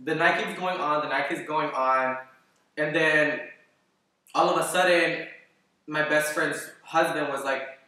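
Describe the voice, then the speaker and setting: A man vlogger telling a story casually in a rambling, animated way, with constant "like" fillers and swearing. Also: fairly high pitch, a little slow, pauses often. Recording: very echoey room, voice far from the mic.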